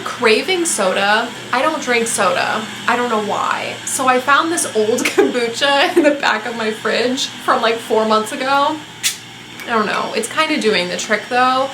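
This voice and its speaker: A woman's voice: on the high side, bright, forceful tone, reverberant, slight background noise. Rambling blunt woman book vlogger. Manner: blunt, rambling, swears freely, many fillers. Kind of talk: casual book review chat.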